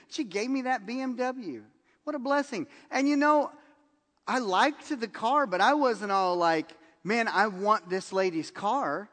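A man's voice: high-pitched, takes it slowly, long pauses, big-room sound. A man preaching a sermon, telling stories and acting out the lines people said in them. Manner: animated storytelling, acts out quotes with laughs. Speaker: pastor.

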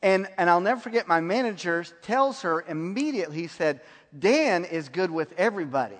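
A man's voice: sits high, expressive, brisk, a bit bright. A man preaching a sermon, telling stories and laughing at his own anecdotes. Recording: long hall reverb.

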